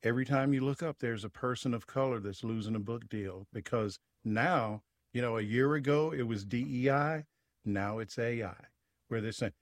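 A man's voice: medium pitch, moderate pace, no echo, studio quality. A man who is a writer and journalist, talking conversationally as a guest on a radio talk show. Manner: conversational, with frequent "you know" fillers.

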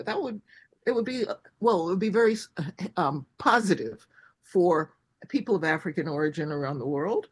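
Husky-voiced woman from the states, lowish, swings her pitch all over, chatty guest answering questions. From United States. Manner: animated, asks herself rhetorical questions, laughs between points. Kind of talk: conversational interview.

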